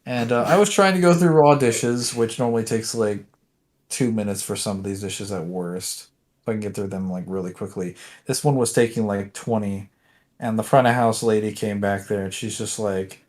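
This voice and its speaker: A man's voice: fairly low pitch, moderate pace, darkish tone. A man in his twenties casually telling a rambling work story on a stream, swearing now and then. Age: 20s.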